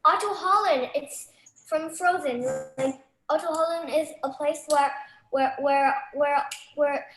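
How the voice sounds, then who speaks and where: High-voiced eager young woman, echoey. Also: a little slow, fairly bright tone. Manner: eager, repeating herself. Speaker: young improv performer. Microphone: video call.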